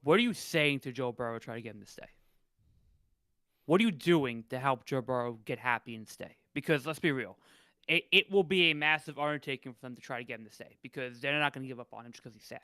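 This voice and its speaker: A man on a sports podcast with a bright, forceful voice. He puts questions to his co-host and repeats himself as he starts. The recording is dry and close. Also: mid-range voice, expressive, fast talker, no room sound. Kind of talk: casual sports chat.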